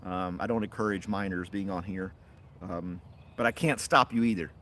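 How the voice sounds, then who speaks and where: A man's voice: low voice, fairly even intonation, normal speed, fairly bright tone, a little hiss or hum. A man hosting a casual livestream from his backyard, rambling and chatting with viewers and laughing often. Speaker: livestream host. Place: outdoors in a backyard.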